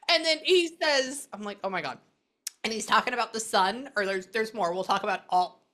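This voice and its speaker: A woman's voice: a little high, lively intonation, moderate pace, bright, forceful tone. A woman working as a psychic medium, chatting bluntly through a casual reading session indoors. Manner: chatty, blunt, quotes the spirit back and forth.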